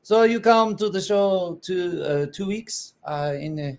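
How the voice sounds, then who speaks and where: A man doing an excitable, halting knife guy. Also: high voice, pitched above the performer's own voice. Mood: excited. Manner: halting, repeating himself in an impression.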